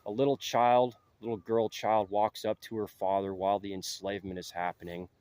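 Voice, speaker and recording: A man's voice: lowish voice, little pitch movement, fairly quick, darkish tone, smooth. A man talking to camera in a rambling monologue, filling his talk with "you know". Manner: heavy use of "you know" fillers. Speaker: vlogger.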